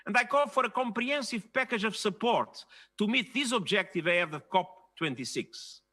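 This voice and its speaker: An older man delivers a formal prepared address in a high, bright and forceful voice. He speaks in a measured way and leans hard on key phrases. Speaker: keynote speaker at a leaders' dialogue.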